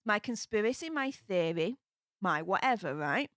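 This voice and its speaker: A young Yorkshire woman talks casually on a live stream and reads out viewer comments, with lots of ums between thoughts. Her voice is bright and crisp. The recording is dry and close, with no room sound. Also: medium pitch, sing-song, normal speed, no room sound. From England.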